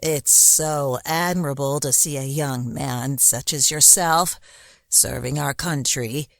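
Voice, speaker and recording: A man voicing a tall, pale, nosy woman passenger on a late-night train, speaking slowly and overly sweetly. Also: mid-range voice, vocal fry, fairly bright tone, no echo, pitched above the performer's own voice. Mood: sweetly prying. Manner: slow, prying, overly sweet.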